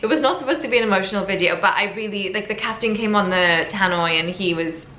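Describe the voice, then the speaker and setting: A young British vlogger tells her story to the camera in a chatty, emotional way, frequently correcting herself. Her medium-pitched voice moves quickly with a bright, forceful tone. The room is echoey, with faint background noise.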